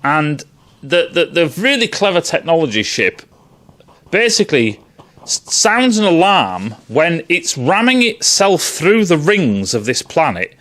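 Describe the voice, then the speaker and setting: A man's voice: on the high side, very animated, unhurried, a bit bright. Sarcastic, profane man. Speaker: film reviewer. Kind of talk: ranting casual film review.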